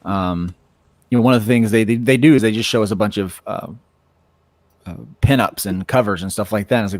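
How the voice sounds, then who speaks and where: A comic book writer and artist talking casually on a panel, rambling, with many restarts. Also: male voice, medium pitch, fairly even intonation, quick pace, dry recording.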